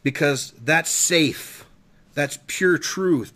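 A man's voice: a little high, slow pace, a bit bright. A man preaching fervently on a talk show, emphatic and emotional, his voice climbing when he gets worked up.

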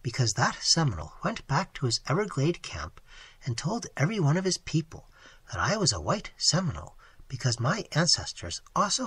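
A young waitress, as the reader gives her voice, recounts her story with candor and good humor. The delivery swings widely in pitch and sounds husky, breathy, and dry, close to the mic. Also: a bit bright, no room sound, exaggerated voice. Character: earnest young waitress telling her tale. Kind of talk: audiobook narration.

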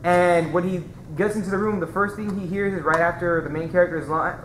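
A fan in the audience asks a question in a chatty, hesitant way with plenty of fillers, speaking at a middle pitch. The voice carries a roomy echo from the convention hall, over a faint layer of noise. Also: steady tone, fairly quick. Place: convention panel room.

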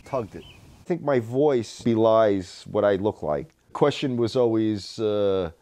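A man from Staten Island with a mellow, darker tone, telling a personal anecdote in a loose and chatty way. He talks easily and laughs as the story goes along. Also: lowish voice, animated, slow. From Staten Island, New York. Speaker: interviewee. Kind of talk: casual storytelling.

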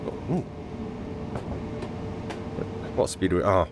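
A man chatting excitedly through gameplay while wearing a VR headset, tired and fighting a cough. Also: deep voice, fast, few pauses, slight background noise. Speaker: gaming video creator. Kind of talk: casual gameplay commentary.

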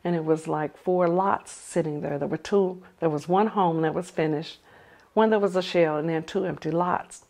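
An older woman telling a personal story with lively energy, acting out the conversations she recounts. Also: fairly low pitch, moderate pace. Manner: animated, acts out the dialogue in her story.

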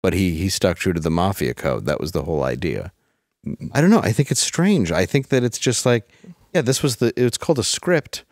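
A man's voice: low voice, brisk, no echo, studio quality. A man co-hosting a podcast, chatting casually and joking with restarts. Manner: lively, jokey, restarts often. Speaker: podcast co-host. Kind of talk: casual chat.

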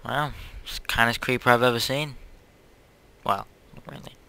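A man's voice: mid-range voice, steady tone, moderate pace, vocal fry, bright, forceful tone, clear, resonant tone. A young man hosting his own gaming channel, chatting casually over gameplay in a hyperactive, silly, rambling way.

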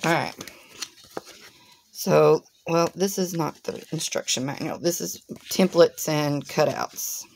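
A woman's voice: deep voice, slow, creaky, a little mellow, a little hiss or hum. A woman, hosting a crafting channel and chatting casually through an unboxing to her viewers. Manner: chatty, instructive, addresses viewers directly.

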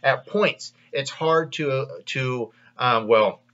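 A man from the American Midwest pitches a business opportunity in loose, casual talk. He rambles and restarts often, full of fillers, at an ordinary pitch. The sound is slightly dull and lo-fi. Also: slow, a bit bright. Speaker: network marketing video host. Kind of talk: casual direct-to-camera pitch.

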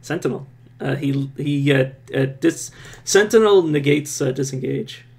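A man's voice: a little high, unhurried, creaky, darkish tone, breathy edge. A man playing a tabletop game who keeps asking questions and checking the rules. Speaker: player.

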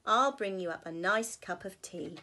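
A woman doing a bright, sing-song mother bear. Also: medium pitch, lively intonation, moderate pace. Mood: cheerful. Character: cheerful kindly mother bear, female. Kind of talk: storybook reading.

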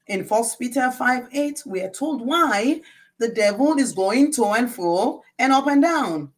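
A middle-aged woman preaching a sermon, reading scripture aloud and explaining it slowly and with emphasis. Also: on the high side.

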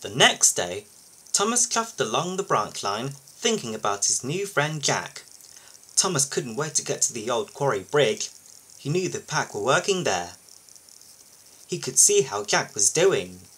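A man reading a children's picture book aloud for his video channel, expressive and lively. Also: mid-range voice, unhurried, husky, rough recording. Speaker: YouTube storybook reader.

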